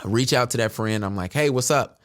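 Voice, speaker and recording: Man, podcast guest, casual storytelling, animated, chatty, medium pitch, dry close sound. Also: a little fast, no echo. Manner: animated, chatty, addresses listeners as y'all. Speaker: guest photographer.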